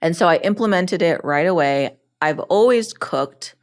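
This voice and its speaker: Low-voiced woman telling a personal story. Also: a little slow. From Egyptian family background. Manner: lively, animated retelling with laughs and acted-out quotes. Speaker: podcast host telling her story.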